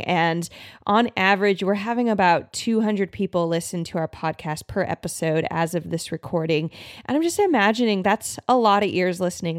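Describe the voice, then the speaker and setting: A woman's voice: on the low side, dry recording, clean studio sound. A woman hosting her own podcast as a health practitioner, speaking earnestly and heartfelt, often restarting and repeating words. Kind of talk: heartfelt solo podcast talk.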